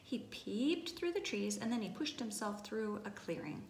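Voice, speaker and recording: Expressive woman reading a picture book. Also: mid-range voice, moderate pace, a little hiss or hum. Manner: expressive, sometimes hushed to a whisper. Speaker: storyteller reading to preschoolers. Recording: roomy echo.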